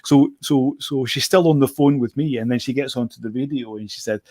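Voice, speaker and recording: A man at a middle pitch chatting casually as a guest, rambling through his story with many restarts and repeated words. He laughs often as he talks. The sound is close and dry, with no room around it. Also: a little fast, hardly any pauses, a little mellow, dry recording. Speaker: guest drone show operator. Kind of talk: casual chat.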